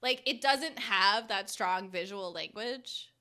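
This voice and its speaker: A young woman co-hosting a casual chat about a movie, talking in a rambling way full of "like" and quick giggles. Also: mid-range voice, pushed and bright. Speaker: podcast co-host.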